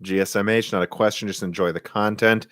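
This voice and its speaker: On a live stream from his home room, a young Midwestern man from Minnesota fields viewer questions casually, opinionated and speaking in quick bursts broken by restarts and laughs. His accent fits Minnesota, Michigan and central Illinois. His voice is fairly low, steady in tone and a bit bright, with no room sound and clean studio sound.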